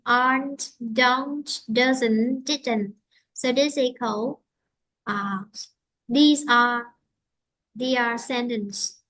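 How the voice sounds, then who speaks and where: A woman teaching an English lesson, explaining slowly and patiently with many fillers. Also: on the high side, fairly bright tone, low-quality recording.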